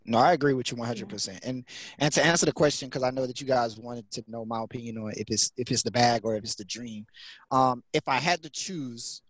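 A man talks as a podcast guest in a relaxed, thoughtful way, laying out his opinions at length. His voice sits at a middle pitch and sounds close and dry, with little room sound. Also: no echo. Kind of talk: casual podcast chat.

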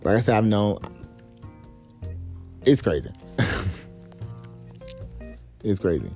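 A man with a deep, low voice hosts a solo podcast in a casual, meandering chat. He swears freely, stumbles over words and laughs often as he goes. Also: very animated, takes it slowly, warm tone, soft background music. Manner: rambling, profane, laughs often. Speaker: podcast host.

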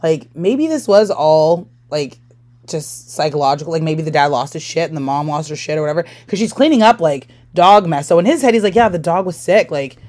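Animated podcast co-host in casual chat. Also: fairly quick. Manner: animated and blunt, lively swings in pitch and loudness. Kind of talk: casual movie recap chat.

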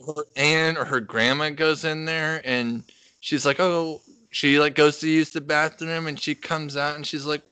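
A man's voice: mid-range voice, sharp tone, no echo. A young man casually telling a crude, rambling story on a podcast, laughing as he goes. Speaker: podcast co-host.

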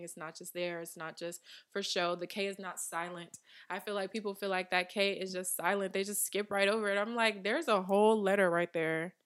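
A woman's voice: medium pitch, a bit bright. A young woman in her twenties hosts a casual podcast from her apartment studio. She talks in a chatty, emphatic way and laughs often as she goes. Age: 20s. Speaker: podcast host. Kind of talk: casual chat.

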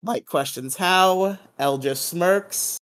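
Here the podcast co-host recaps a drama episode in a casual, playful way, laughing and humming dramatic effects. The delivery is slow and smooth, with a medium, slightly bright voice.

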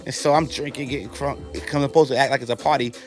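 A man, a guest telling rough, profane stories in casual talk and acting out the other voices. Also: mid-range voice, very fast, soft background music. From New York. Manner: animated, profane, acts out quoted dialogue. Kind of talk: casual storytelling.

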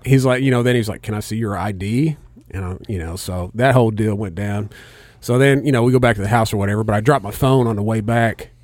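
A man's voice: fairly low pitch, quick pace, darkish tone, no room sound, studio quality. A man casually telling a rambling, profane story on a podcast, laughing often. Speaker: podcast co-host.

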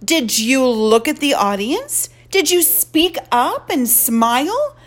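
A woman voicing a fierce, demanding mother who speaks loudly and sharply in an audiobook. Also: fairly high pitch, animated, takes it slowly. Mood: scolding. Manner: loud and sharp, drawn out.

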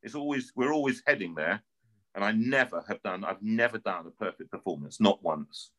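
Animated North London man, bright voice. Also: on the low side, moderate pace, low-quality recording. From North London, England. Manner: animated storyteller, repeats words as he talks. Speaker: opera singer, guest. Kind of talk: casual interview chat.

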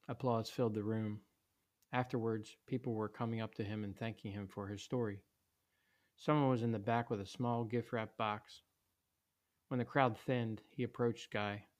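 A man reading a story aloud in a steady, plain way, with small slips. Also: fairly low pitch, normal speed. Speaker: narrator.

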